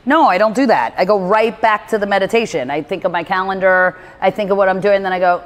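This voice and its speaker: Her mid-range voice is expressive and brisk, with few pauses, as she gives a casual, rambling motivational talk on meditation. She uses "like" constantly and acts out her inner dialogue, all in a room with noticeable reverb.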